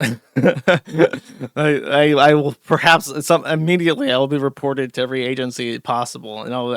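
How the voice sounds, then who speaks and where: A man with a bright, crisp voice delivers sarcastic commentary on a live stream. He rambles with fillers and drops in short laughs. The sound is dry and close to the mic. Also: medium pitch, no echo. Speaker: streamer host. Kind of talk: casual ranting commentary.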